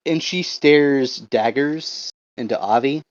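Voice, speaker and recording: A man playing in a tabletop game, describing his character's actions in the third person with some halting. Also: mid-range voice, highs cut off. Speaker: player.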